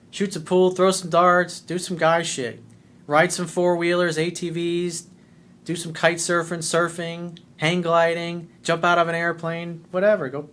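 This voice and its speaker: A man's voice: on the high side, fairly bright tone. A man coaching a viewer through a family breakup, talking bluntly and with swearing, often acting out what to say. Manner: blunt and profane, acts out dialogue. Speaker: life coach. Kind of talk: answering a viewer's letter.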